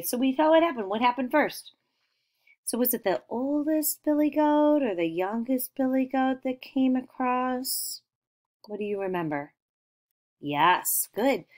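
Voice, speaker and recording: A woman's voice: fairly high pitch, animated, a little mellow. A woman teacher guiding young children through retelling a story, asking questions and praising their answers. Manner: slow, encouraging questions.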